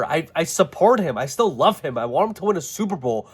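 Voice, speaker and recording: A man ranting casually about a football game, animated and exasperated, with frequent swearing. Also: on the high side, fairly quick, slightly rough. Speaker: football fan vlogger. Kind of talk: casual sports rant.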